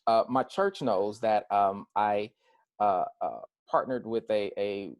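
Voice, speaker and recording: Earnest American preacher, emphatic and slow. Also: male voice, on the low side, no room sound. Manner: earnest and emphatic, repeating key words for weight; slows down to stress points, with some fillers and restarts. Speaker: pastor. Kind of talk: personal talk to a group.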